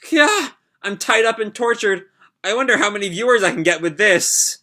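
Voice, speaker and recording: Man doing a self-assured young heroine, raised voice, bright and tense, manga read-aloud. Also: high voice, expressive, moderate pace, pitched above the performer's own voice. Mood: wry. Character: bold, self-assured young woman adventurer.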